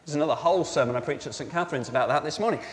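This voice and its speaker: A man's voice: fairly high pitch, racing. A male pastor giving an Easter sermon to all ages. He asks the congregation questions and repeats their answers back to them. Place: church. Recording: reverberant church with faint noise.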